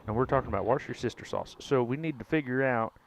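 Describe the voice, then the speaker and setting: A man's voice: mid-range voice, quick pace, slight background noise. A man, casually joking and teasing his chat during a live game stream. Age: 20s. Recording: dull lo-fi stream mic.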